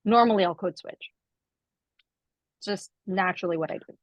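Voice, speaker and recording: A woman co-hosting a podcast, telling stories in casual chat and acting out quotes in high voices. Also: moderate pace, no echo, dull audio. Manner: animated storyteller, acts out quotes in high voices. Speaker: podcast co-host.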